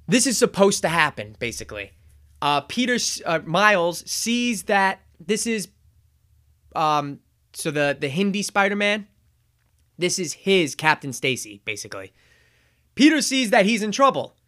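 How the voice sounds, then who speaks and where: A man's voice: sits high, pushed and bright. A man hosting a podcast, recapping a movie in casual chat, rambling with chuckles and acting out quotes. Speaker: podcast host.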